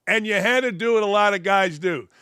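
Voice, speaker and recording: A man's voice: high voice, brisk, bright, forceful tone, clean tone, dry recording, studio quality. A middle-aged man hosting a sports talk show, ranting in a blunt, combative, profane and sarcastic way. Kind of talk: opinionated sports commentary rant.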